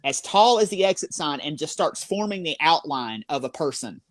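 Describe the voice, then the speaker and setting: A paranormal investigator telling an excited, rambling investigation story full of fillers. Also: medium pitch, normal speed, a crowd in the background.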